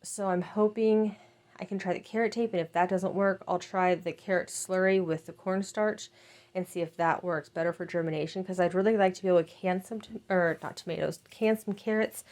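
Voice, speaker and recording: A woman's voice: lowish voice, fairly even intonation, brisk, darkish tone. A woman in her thirties chatting casually in a home gardening vlog, rambling with frequent ums. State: out of breath. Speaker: gardening vlogger.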